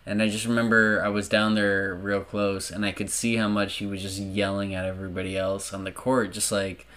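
A man talking as a podcast guest, rambling and animated, swearing freely. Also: lowish voice, a little fast. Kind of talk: casual chat.

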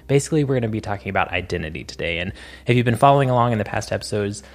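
A man's voice: fairly low pitch, very fast. A man co-hosting a faith podcast, a stage performer reflecting in a rambling, hesitant way. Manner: rambling, lots of fillers and restarts, reflective. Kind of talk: casual reflective podcast chat.

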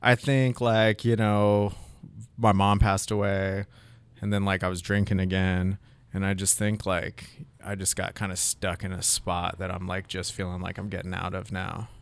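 A man's voice: deep voice, level tone, normal speed, creaky, smooth, dry recording. A young man, a comedian, chatting casually on a podcast in a loose, rambling way full of filler words and swearing.

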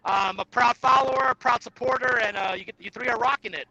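A man calling in to a podcast, hyped and swearing, whooping shoutouts over a poor call connection. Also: very high-pitched, fast, vocal fry, slightly rough, dry recording, lo-fi sound. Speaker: caller. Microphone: phone or video call. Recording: bad call-in line.

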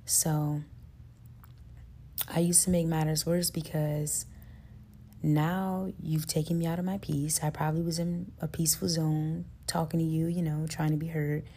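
A woman's voice: level tone, measured pace, a little hiss or hum. A woman hosting a self-help podcast, talking earnestly and casually with lots of fillers. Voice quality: says her voice is high-pitched and gets loud with passion. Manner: earnest, conversational, lots of fillers like "like" and "you know". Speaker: podcast host.

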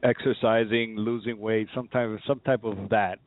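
A man's voice: on the low side, steady tone, normal speed, slight background noise. A man co-hosting a radio show, joking and teasing in casual banter. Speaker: radio co-host. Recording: tinny phone-like sound.

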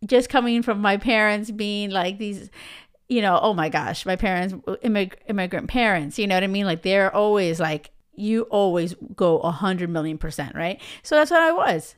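A woman's voice: mid-range voice, moderate pace, clear, resonant tone. A woman in her thirties hosting a podcast, telling a personal story in a chatty way, with many fillers and tag questions. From United States. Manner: chatty, with many fillers like "right?" and "you know". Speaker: podcast host.

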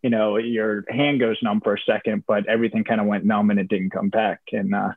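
A young man from Virginia telling a personal story in a casual interview, relaxed, with many fillers and restarts. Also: on the low side, fairly quick, dry recording. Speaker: interview guest. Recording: tinny phone-like audio, dry.

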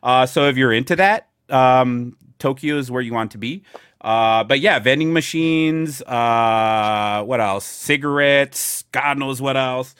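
A man's voice: medium pitch, slow pace, fairly bright tone, clean tone, dry recording, studio quality. A man co-hosting a casual podcast chat, joking and rambling, laughing often. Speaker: podcast co-host.

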